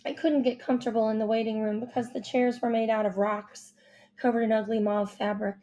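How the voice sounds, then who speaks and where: A woman reading a first-person children's novel aloud with expressive, youthful storytelling. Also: on the high side, a little fast. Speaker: audiobook narrator.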